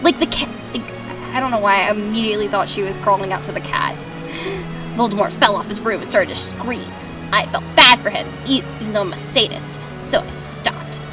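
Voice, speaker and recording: In this comedic dramatic reading, a young woman hosting reads fanfiction aloud and breaks in with sarcastic asides full of swearing. Her voice is mid-range and a little fast. She's recorded on a distant mic over background music.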